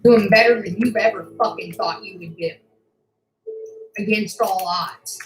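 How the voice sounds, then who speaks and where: A woman's voice: mid-range voice, unhurried, roomy sound, low-quality recording. A woman ranting furiously to her channel, swearing and making threats, near tears with anger. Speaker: YouTuber. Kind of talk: angry rant to camera.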